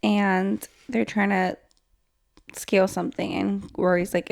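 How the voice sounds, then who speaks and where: A woman co-hosting a casual book podcast, animated and laughing often. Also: mid-range voice, measured pace, creaky. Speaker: podcast co-host.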